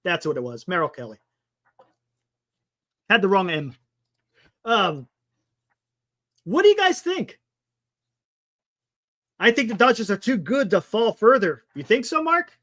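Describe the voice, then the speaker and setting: A man's voice: sits high, sing-song, moderate pace, long pauses, bright, forceful tone. A man hosting a casual live-stream sports talk show, chatting with viewers in a sarcastic, rambling way.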